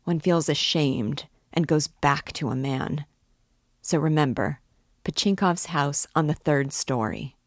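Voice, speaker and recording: Lady reading a loud bossy young guy yelling at his buddy, low voice, dry. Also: dry recording. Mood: blustering. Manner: shouting, scolding, rapid outbursts. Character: hot-tempered young man, loud blustering friend.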